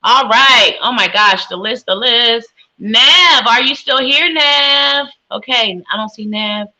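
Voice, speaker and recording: A woman hosts a live tarot reading stream in a very bright, sharp voice. She talks in an upbeat sing-song, greeting viewers one after another. Her pitch sits a little high for a woman. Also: slow pace, low-quality recording. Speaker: psychic and tarot reader hosting a live stream. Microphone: webcam with ring light.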